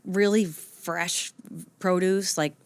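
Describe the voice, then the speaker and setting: A woman with a lowish voice talking as a podcast guest. She swears casually, mocks herself and breaks into laughter mid-thought. The recording is dry and close, with no room sound. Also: fairly even intonation, takes it slowly, darkish tone, dry recording. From upstate New York. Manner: profane, self-mocking, laughs mid-sentence. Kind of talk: casual interview chat.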